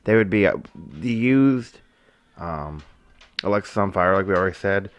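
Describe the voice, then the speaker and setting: A young man with a lowish voice co-hosting a podcast. He keeps it laid-back and mostly gives short replies, and he laughs easily. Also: expressive, moderate pace, soft background music. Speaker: podcast co-host. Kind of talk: casual chat.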